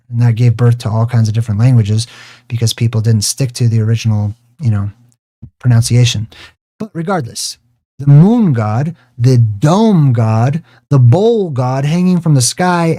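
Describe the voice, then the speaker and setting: Guy with a mellow low-key voice rambling thru a screen-share lecture, goes off on tangents, drags out words for emphasis. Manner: digressive, drifts off on tangents; drawn-out emphasis on single words. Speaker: video host.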